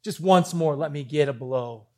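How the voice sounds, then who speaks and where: A man's voice: on the high side, moderate pace, warm tone, voice pushed down, close to an everyday voice. A male preacher voicing a proud biblical strongman, quoted in a conversational voice. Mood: remorseful. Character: proud biblical strongman, humbled by his fall.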